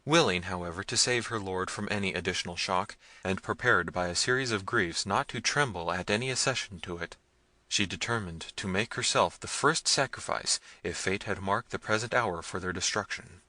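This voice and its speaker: Low, bright-voiced male narrator. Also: no echo. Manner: measured storytelling. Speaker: audiobook narrator. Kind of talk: scripted narration.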